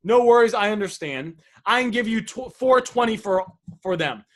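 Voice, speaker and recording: A man's voice: high-pitched, expressive, normal speed. A man coaching viewers on sales messages, enthusiastic and repetitive, often addressing them as guys.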